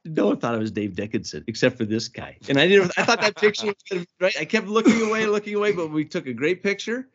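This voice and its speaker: A man co-hosting a podcast, telling a lively story in casual chat and acting out the people he quotes. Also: high voice, quick pace, hardly any pauses, husky. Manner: animated storyteller, acts out quoted voices. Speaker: podcast co-host. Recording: dull lo-fi podcast audio.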